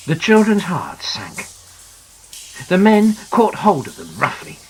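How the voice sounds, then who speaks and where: Expressive man narrating an adventure storybook. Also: high voice, slow, long pauses, low-quality recording. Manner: dramatic, very expressive. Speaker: audiobook narrator. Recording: narration over clear music.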